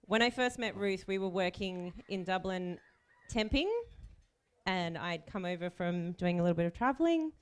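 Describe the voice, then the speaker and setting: A woman's voice: on the low side, lively intonation, normal speed, clear, resonant tone. An Australian woman in her thirties giving a chief bridesmaid's wedding speech, nervous but joking and self-mocking.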